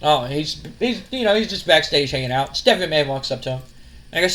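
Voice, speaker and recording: A man's voice: a little high, fast, a bit bright. A man giving casual, rambling let's-play commentary as a gaming channel host. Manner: rambling, full of fillers and restarts.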